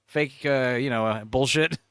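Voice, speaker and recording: A man hosting a casual watch-along, joking and laughing with animated, profane banter. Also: medium pitch, unhurried, clean tone, no room sound, studio quality. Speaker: stream host.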